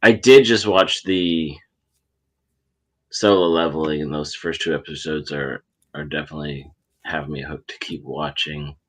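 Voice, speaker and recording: A man's voice: very deep voice, steady tone, a little slow. A man on a casual anime livestream chat, hesitant and trailing off as he tries to remember things. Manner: hesitant, trailing off while recalling.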